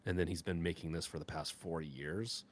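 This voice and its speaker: A man co-hosting a live gaming podcast, talking casually in a rambling, halting way full of fillers and restarts. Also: low-pitched, fairly even intonation, slight background noise. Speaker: podcast co-host.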